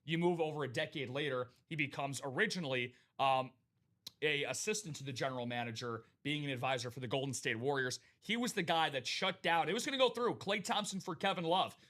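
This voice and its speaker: A man hosting a live sports memorabilia stream, talking in an energetic hype style and greeting viewers by name. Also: fairly high pitch, fairly quick. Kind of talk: casual live-stream chat.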